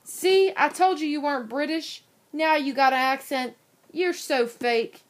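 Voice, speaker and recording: A woman's voice: high voice, a little slow. Woman playing a blunt country boy cootie. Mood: mocking. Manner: blunt and teasing. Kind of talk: cartoon voice acting.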